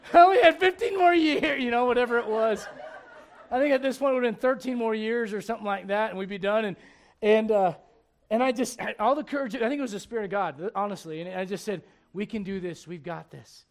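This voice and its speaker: A man in his forties, a pastor preaching a sermon in a church with joking, animated storytelling. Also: very high voice, quick pace. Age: 40s.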